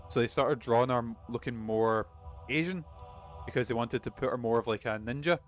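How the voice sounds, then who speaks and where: A man's voice: medium pitch, fairly quick. A man streaming a video game, chatting casually and rambling with plenty of swearing. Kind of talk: casual gaming commentary. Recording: game music behind.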